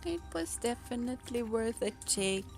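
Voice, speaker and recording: A woman's voice: on the high side, animated, normal speed, darkish tone, soft background music. A woman streamer giving casual let's-play commentary, thinking aloud in a playful way and chatting with her viewers. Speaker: VTuber streamer.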